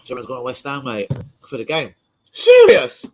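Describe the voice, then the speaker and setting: A young man hosting a live football watch-along, excitable, swearing and shouting out his viewers by name. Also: mid-range voice, fast, rough recording. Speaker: football fan channel host.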